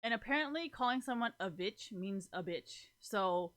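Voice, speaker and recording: Bright-voiced young woman rambling casually. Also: mid-range voice, lively intonation, normal speed. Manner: rambling, heavy on "like" and swearing, laughs often. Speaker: streamer talking to viewers.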